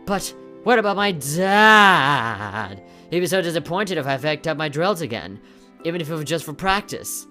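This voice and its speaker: A woman's voice: low-pitched, sing-song, moderate pace, pushed and bright, soft background music, heavily acted. A woman voicing an anxious teenage boy who loves digging, pleading and upset, read aloud from a game.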